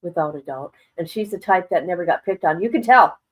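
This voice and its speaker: A woman's voice: fairly low pitch, fast talker, low-quality recording. A middle-aged woman chatting casually on a live stream as a commentator, rambling and emotional, often breaking into exclamations.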